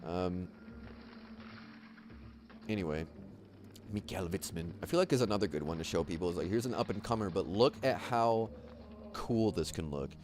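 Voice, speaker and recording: A man hosting a livestream, chatting casually as he watches skate clips, rambling with many fillers and excited outbursts. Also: deep voice, moderate pace, pauses often, noisy background. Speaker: livestream host.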